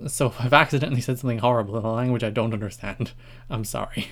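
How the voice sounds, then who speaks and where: A man's voice: medium pitch, very fast. A man from Ireland hosting a casual solo podcast, joking at himself and stumbling through foreign words. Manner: self-deprecating, stumbles over foreign words with laughs. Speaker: podcast host.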